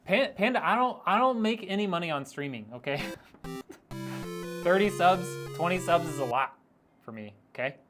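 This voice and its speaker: A man's voice: high voice, expressive, normal speed, a bit bright, faint music behind. Joking man reading a live chat. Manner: joking, teasing, laughs often. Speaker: streamer building PCs. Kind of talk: casual live-stream chat reading viewer messages.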